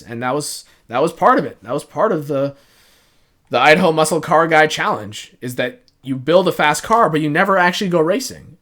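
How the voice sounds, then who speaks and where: A young man talks through his racing game in a loose, rambling way, his voice sitting a little higher than most men's. He drifts between topics and chuckles between thoughts, like a host chatting to regular viewers. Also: fairly bright tone. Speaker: gaming channel host. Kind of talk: casual gameplay commentary.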